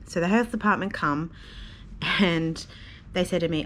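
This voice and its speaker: A woman's voice: lowish voice, unhurried, long pauses, a bit bright, slight background noise. A woman vlogging casually from a hotel room, chatty and venting with plenty of fillers, recorded on a phone or camera mic. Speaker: vlogger and mother. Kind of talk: casual vlog chat to camera.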